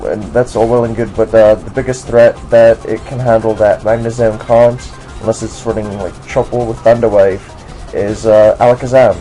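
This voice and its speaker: A man's voice: mid-range voice, mellow, rough recording. An American man commentating a game match in a casual, rambling way, putting on a generic British accent. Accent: put-on generic British accent. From United States. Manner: rambling, many fillers and restarts.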